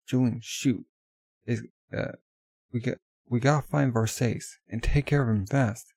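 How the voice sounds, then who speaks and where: A man's voice: mid-range voice, dark tone, no echo. A man casually reading a manga aloud in a loose, offhand way full of fillers. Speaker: manga reader.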